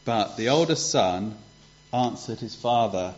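In an unhurried, animated manner, a man at medium pitch retells a parable for a congregation as part of a preacher's children's talk. He keeps it conversational and asks rhetorical questions, captured on a dull lo-fi recording.

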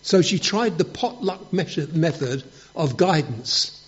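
Guy giving a sermon, chatty storyteller, bit higher voice, muffled old recording. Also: lively intonation, a little slow. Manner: storytelling with acted quotes, conversational. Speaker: preacher. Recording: dull lo-fi recording.

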